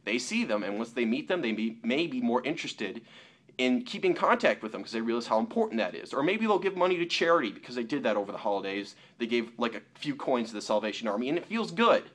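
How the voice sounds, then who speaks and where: A young man talking straight to camera in an opinion vlog, mocking the people he argues with in a lower voice. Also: fast talker. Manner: animated, mocking quotes in a lower voice. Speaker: YouTuber.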